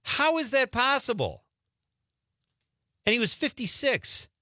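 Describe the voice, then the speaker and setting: A man hosts a radio show with a joking, animated delivery. His pitch leaps around expressively and his tone is bright and forward. The sound is dry, close studio audio. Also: measured pace, dry recording. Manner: jokey, animated, laughs often. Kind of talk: casual radio banter.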